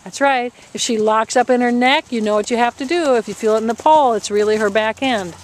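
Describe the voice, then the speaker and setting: A woman's voice: fairly high pitch, a little fast, a little hiss or hum. A woman riding instructor coaching a rider live, encouraging her and repeating short commands.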